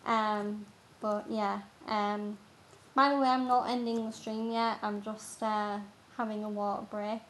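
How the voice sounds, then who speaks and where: A young British woman streaming a game, chatting casually in a relaxed, slow way with lots of ums and pauses. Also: medium pitch, a little hiss or hum. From Britain. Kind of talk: casual live-stream chat.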